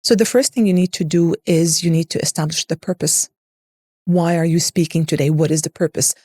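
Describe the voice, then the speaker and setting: A woman speaks as a voice coach in an interview, guiding the listener step by step with lists and rhetorical questions. Her voice is mellow and fairly low, and the sound is dry and close. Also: steady tone, fairly quick, no echo. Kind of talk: expert explaining in an interview.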